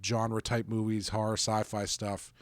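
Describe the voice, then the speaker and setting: A man's voice: on the low side, measured pace, dry recording. Male podcast co-host, casual and rambling, dry close sound. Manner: rambling, self-correcting, relaxed. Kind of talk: casual chat.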